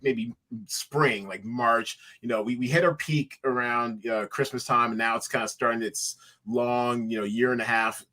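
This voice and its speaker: A man's voice: medium pitch, pushed and bright. A man, a guest founder, talking casually in an interview and rambling through a story with many fillers and restarts.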